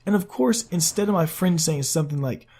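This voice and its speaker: Animated, profane young man telling a story. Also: fairly high pitch, a little fast. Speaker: vlogger. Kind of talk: storytime vlog.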